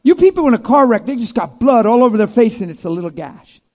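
High-voiced, emphatic male preacher. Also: quick pace. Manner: animated, emphatic, swings between loud and hushed. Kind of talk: sermon.

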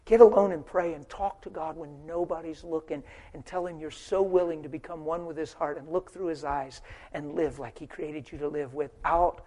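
A man preaching a sermon, asking rhetorical questions and swinging from loud, driving emphasis to hushed storytelling. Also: on the high side. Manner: asks the crowd rhetorical questions.

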